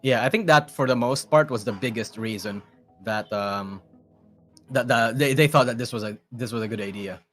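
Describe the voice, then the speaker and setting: A man's voice: medium pitch, moderate pace, a bit bright, soft background music. A young man calling in as a stream guest, rambling casually, repeating himself and swearing, often trailing off. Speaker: call-in guest. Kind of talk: casual chat.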